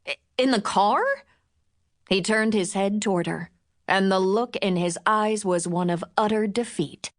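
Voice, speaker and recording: Woman reading an audiobook, steady and expressive, mid-pitch voice. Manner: measured, expressive storytelling. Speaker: audiobook narrator. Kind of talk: scripted audiobook narration.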